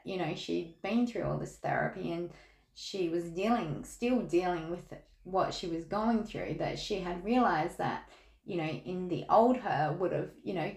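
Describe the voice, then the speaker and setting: An Australian woman talks slowly through a tarot reading, her voice gravelly with fry and her words candid and chatty. The room around her sounds roomy and echoey. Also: fairly low pitch, darkish tone. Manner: candid, chatty storytelling with laughs. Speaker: tarot reader. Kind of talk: casual tarot podcast chat.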